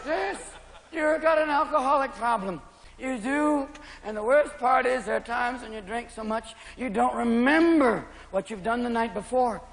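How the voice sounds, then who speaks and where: A man in his thirties doing live stand-up comedy on an opera house stage, talking in a manic way and jumping rapidly between voices. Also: very high voice, creaky. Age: 30s. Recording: live hall, loud audience laughter.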